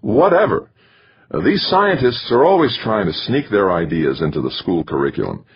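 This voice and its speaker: A man's voice: lowish voice, lively intonation, moderate pace, breathy edge, no echo, dull audio, voice pushed up, full character voice. A man reading an audiobook, voicing a condescending female board chairperson in a raised, sweet tone. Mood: dismissive. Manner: condescending, sugary.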